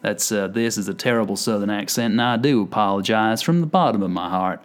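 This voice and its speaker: A man hosting his podcast solo, chatting casually and poking fun at himself with plenty of fillers. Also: fairly low pitch. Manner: chatty and self-deprecating, with fillers. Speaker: podcast host.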